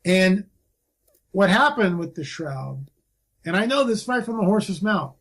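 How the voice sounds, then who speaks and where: A man's voice: high-pitched, sing-song, unhurried, a bit bright. A man speaking as a guest field researcher in a casual conversation, talking in an emphatic, impassioned way.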